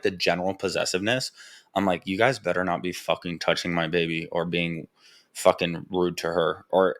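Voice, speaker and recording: A young man with a low voice talks candidly into a podcast mic. He rambles, swears freely and leans on filler words as he works through his thoughts. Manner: rambling, frank and profane, full of "like" fillers. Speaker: podcast host. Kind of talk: candid personal podcast monologue.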